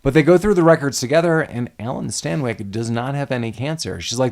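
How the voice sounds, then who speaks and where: A man's voice: medium pitch, animated, quick pace, few pauses, darkish tone. A man in casual film discussion, animatedly retelling scenes and laughing often.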